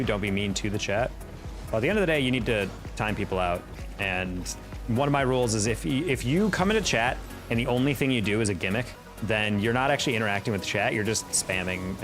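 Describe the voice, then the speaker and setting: A chatty young male streamer with a low voice answers his chat casually while gaming. He tells stories and laughs often, and faint music can be heard.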